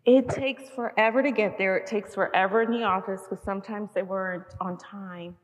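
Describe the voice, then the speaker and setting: A woman in her fifties giving a conversational sermon to mothers, telling stories with lively, relatable asides. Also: mid-range voice, moderate pace. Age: 50s. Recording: long hall reverb.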